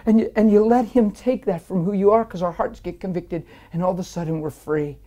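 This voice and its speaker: A man telling his personal faith testimony in an interview, earnest and animated, rising with strong feeling as he tells it. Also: high-pitched, brisk, few pauses.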